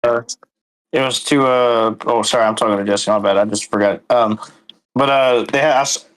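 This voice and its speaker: A man's voice: medium pitch, fairly even intonation, moderate pace, fairly bright tone, rough recording. A man chatting casually as a podcast guest, often interrupting himself and restarting. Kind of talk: casual chat.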